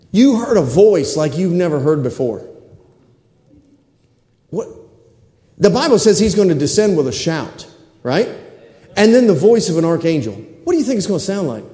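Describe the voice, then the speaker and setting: A male pastor preaching a sermon into stage microphones, fervent and excitable, calling for amens. His voice sits high for a man. The church hall around him rings with echo. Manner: excitable, calls for amens from the congregation. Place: church sanctuary.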